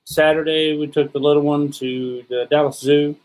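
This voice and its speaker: A man co-hosting a podcast in relaxed chat, laid-back with dry humor. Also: fairly high pitch, moderate pace, rough recording. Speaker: podcast co-host.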